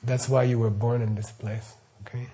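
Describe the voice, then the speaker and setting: A man's voice: mid-range voice, level tone, normal speed, dark tone. A middle-aged man giving a loose, rambling Buddhist talk, often checking in with his listeners. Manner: rambling, asks listeners questions, frequent okay and right. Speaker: Buddhist teacher. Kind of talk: casual spoken teaching.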